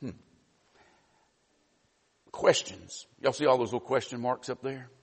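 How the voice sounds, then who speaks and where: A man's voice: mid-range voice, measured pace, husky. Preacher man in a long reverb. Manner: conversational teaching with wry asides. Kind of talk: sermon. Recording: long reverb of a large hall.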